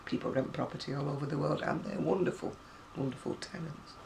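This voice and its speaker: A woman's voice: sits low, a little fast, vocal fry, background noise. A middle-aged woman, chatting to camera in a rambling, storytelling way with ranting asides. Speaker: crafting vlogger. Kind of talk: casual chat to camera.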